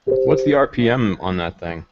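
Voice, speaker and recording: A man's voice: medium pitch, expressive, normal speed, gravelly, very noisy. A man chatting on a live stream, making dry, understated remarks. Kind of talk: casual live-stream chat. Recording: dull lo-fi stream audio.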